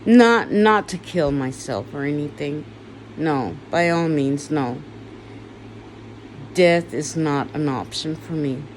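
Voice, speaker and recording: A woman's voice: low-pitched, a little hiss or hum. A woman giving a raw personal confessional monologue, weary and emotional, with blunt swearing. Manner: slow, weary and emotional, turning bitter with swearing. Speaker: vlogger.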